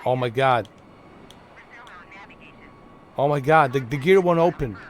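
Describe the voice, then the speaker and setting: A man's voice: medium pitch, slow pace. A young man casually commenting on his own live gameplay stream, joking, swearing and narrating in a mock-dramatic way.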